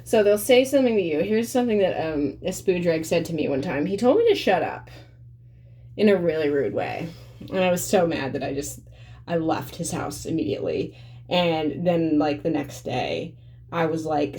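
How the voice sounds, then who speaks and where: A woman's voice: low-pitched, big pitch swings, moderate pace, mellow. A woman vlogging to camera in a blunt, profane, emphatic way, rambling with fillers. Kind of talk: casual monologue to camera.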